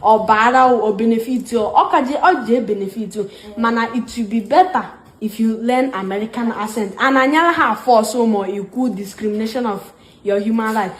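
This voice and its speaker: A woman's voice: on the high side, a little fast, reverberant. A woman student with a Nigerian Igbo accent, earnestly persuading and switching between Igbo and English.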